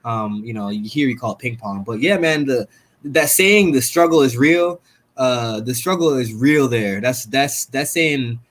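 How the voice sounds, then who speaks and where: Man from jamaica, young adult, laid-back, animated, podcast guest. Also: mid-range voice, unhurried. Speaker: UFC fighter guest. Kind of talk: casual podcast interview.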